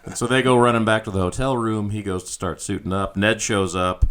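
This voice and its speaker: A man's voice: lowish voice, fairly even intonation, a little fast, fairly bright tone, smooth. A man co-hosting a podcast, casually retelling a film's scenes and acting out the characters' lines. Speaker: podcast co-host. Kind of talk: casual movie review chat.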